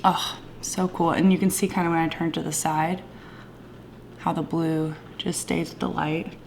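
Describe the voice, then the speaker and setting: A woman talking through her makeup in a casual, gushing vlog, with a playful put-on Southern twang and soft whispered asides. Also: deep voice, little pitch movement, moderate pace, gravelly, slight background noise. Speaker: beauty vlogger. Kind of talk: casual makeup tutorial chat.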